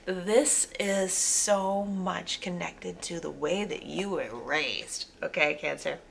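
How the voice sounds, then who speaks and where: Female tarot reader, lowish gravelly voice, rambling casual delivery with fillers, slips into near-whispers, faint background hiss. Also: slow pace. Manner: meandering, with frequent fillers and self-corrections. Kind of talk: casual spoken tarot reading.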